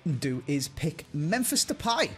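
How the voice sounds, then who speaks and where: A man's voice: fairly high pitch, very animated, unhurried, faint music behind. A man, a guest on a football video game chat, teasing in a dry way. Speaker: guest player. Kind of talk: casual gaming chat.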